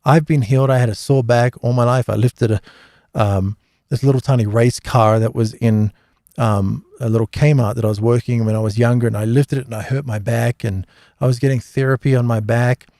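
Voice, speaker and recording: Man, middle-aged, live Q&A host: gravelly, rambling storyteller, dry close sound. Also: mid-range voice, fairly even intonation, fairly quick, a little mellow, dry recording. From Australia. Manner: rambling, anecdotal, many fillers and restarts. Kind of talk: casual religious storytelling talk.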